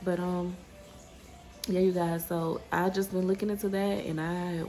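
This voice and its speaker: Gravelly low-voiced woman chatting. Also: level tone, a little slow, warm tone, faint music behind. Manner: rambling, restarting, fired up when ranting. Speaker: vlogger. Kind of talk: casual vlog chat. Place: outdoors then home.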